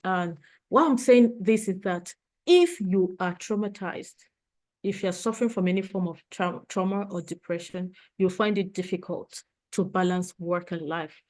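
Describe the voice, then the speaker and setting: A woman's voice: on the low side, moderate pace, darkish tone. A woman trainer giving a motivational leadership talk, earnest and emotional, repeating her points for emphasis.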